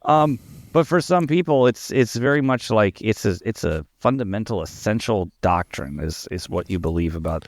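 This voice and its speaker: A man co-hosting a casual discussion podcast, telling a story in an animated way. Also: lowish voice, normal speed, dry recording, studio quality. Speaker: podcast co-host.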